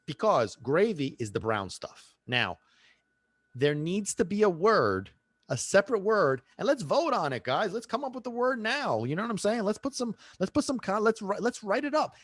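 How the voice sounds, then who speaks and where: A man's voice: on the high side, no echo. A man hosting his own podcast, ranting casually and playfully, now and then dropping Italian phrases into his talk. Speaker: podcast host. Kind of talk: casual solo podcast rant.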